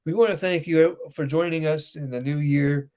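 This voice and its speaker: A man co-hosting a casual podcast from home, loud and excitable in banter. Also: fairly high pitch, normal speed. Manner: loud, excitable banter that swings to soft baby talk. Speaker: podcast co-host.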